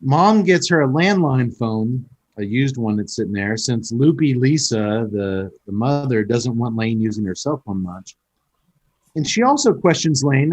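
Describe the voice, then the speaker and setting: Male podcast host, lively pitch, casual and profane film recap. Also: unhurried. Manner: animated storyteller, swears, jokes. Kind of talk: casual chat.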